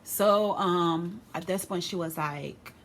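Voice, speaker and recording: A young woman telling a personal story on her vlog in a casual, animated way, full of slang. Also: fairly low pitch, slow pace, a little hiss or hum. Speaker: vlogger.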